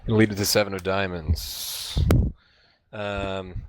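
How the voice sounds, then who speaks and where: A man's voice: deep voice, steady tone, unhurried, very noisy. Rambling young man running a game. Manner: rambling, filler-heavy storytelling. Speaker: game master. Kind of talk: narrating a tabletop role-playing game.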